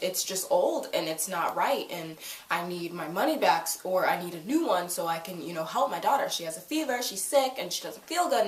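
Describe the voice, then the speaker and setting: A woman's voice: medium pitch, echoey room, recorded from a distance, low-quality recording. A young woman talks through a TV episode in a loose, casual way, full of "like" and retold lines. She sits a little away from the mic, and the room rings around her voice. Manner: chatty, lots of "like" and retold quotes. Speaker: TV review vlogger. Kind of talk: casual recap chat.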